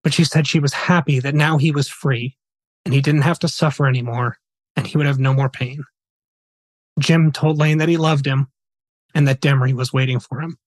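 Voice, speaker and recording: A man's voice: medium pitch, steady tone, normal speed, dry recording. A man hosting a podcast, retelling a true story in a casual, earnest, conversational way. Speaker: podcast host.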